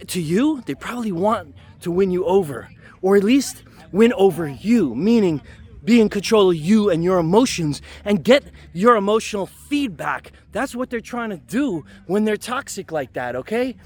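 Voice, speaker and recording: A man with a notably high voice talks straight to the camera like a leadership host. He gives advice in a casual, emphatic way, circling back to make sure each point lands. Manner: emphatic, conversational, repeats points with "okay?".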